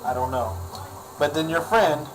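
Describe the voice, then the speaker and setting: A man's voice: on the high side, a little slow, music in the background, rough recording. A man ranting in a casual vlog, exasperated and sarcastic, often repeating himself. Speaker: vlogger.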